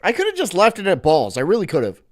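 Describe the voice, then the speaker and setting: A man hosting a reaction stream, talking in a mocking, loud way and repeating his jokes. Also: high-pitched, wildly swooping pitch, fast. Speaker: streamer host.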